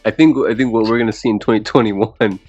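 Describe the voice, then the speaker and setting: A man's voice: fairly low pitch, fairly even intonation, fast talker. Rambling, laughing young man on a podcast. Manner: rambling, laughs often, many restarts. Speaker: podcast co-host. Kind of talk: casual chat. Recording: dull lo-fi podcast audio with faint music.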